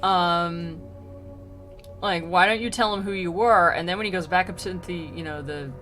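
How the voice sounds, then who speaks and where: A woman's voice: on the low side, normal speed, fairly bright tone, soft background music, close to an everyday voice. A woman voicing an ancient male poet-guide who talks in casual slang and shrugs off apologies.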